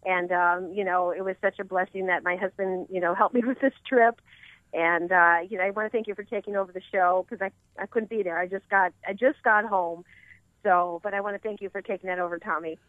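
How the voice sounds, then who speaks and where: A woman's voice: mid-range voice, steady tone, fairly quick, dry recording. An older woman calling in to the show, telling a story in a chatty way and laughing often. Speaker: co-host calling in. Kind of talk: casual phone chat. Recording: tinny phone line.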